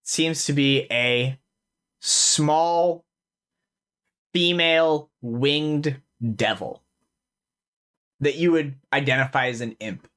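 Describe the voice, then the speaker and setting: A man's voice: fairly high pitch, takes it slowly, long pauses, fairly bright tone. A man narrating and running a tabletop fantasy game as game master, in a casual way with many fillers.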